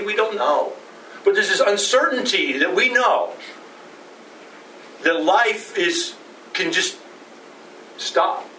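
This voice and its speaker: A middle-aged male pastor delivers a sermon in a loose, conversational way and keeps asking rhetorical questions. His voice sits a little higher than most men's. He sounds set back from the mic in a roomy sanctuary with faint background noise. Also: sharp tone, far from the mic.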